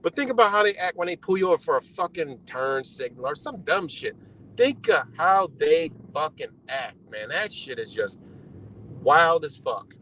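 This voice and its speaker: A man's voice: on the high side, lively intonation, moderate pace, bright, forceful tone, slight background noise, poor audio. A man ranting on a live stream in a heated, profane way, repeating his points and tagging them with "you know". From United States. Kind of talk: casual rant on a live stream.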